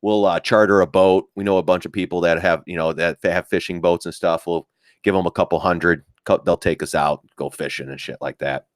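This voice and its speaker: A man's voice: low voice, fairly even intonation, a little fast, no echo, clean studio sound. A middle-aged man hosting a casual trading live stream, rambling and joking, swearing casually and laughing often. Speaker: live-stream market host.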